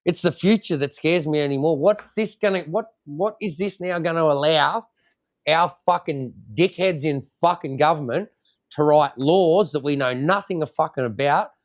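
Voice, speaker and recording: A man's voice: fairly high pitch, normal speed. A man with an Australian accent, a military veteran guest ranting angrily and swearing constantly. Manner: heated, swears constantly, repeats himself. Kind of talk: angry profane rant.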